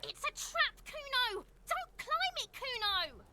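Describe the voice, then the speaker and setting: A squeaky jeering street kid. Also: male voice, sing-song, takes it slowly, noisy background, full character voice. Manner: shrill, jeering. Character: squeaky shrill street kid, crude sidekick.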